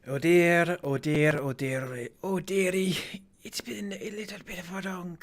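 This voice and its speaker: A man's voice: high voice, fairly even intonation, measured pace, voice pushed up. A man voicing a doting, fussy elderly grandmother who coos and offers tea.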